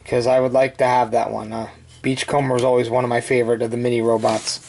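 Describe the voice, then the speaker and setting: A man's voice: medium pitch, flat delivery, fast talker, darkish tone, slight background noise. Chatty man reviewing toys. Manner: chatty, joking asides. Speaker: toy reviewer. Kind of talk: casual video review.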